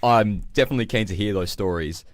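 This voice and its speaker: A young man co-hosting a podcast, chipping in with quick quips and reactions in casual chat. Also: lowish voice, dry recording. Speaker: podcast co-host.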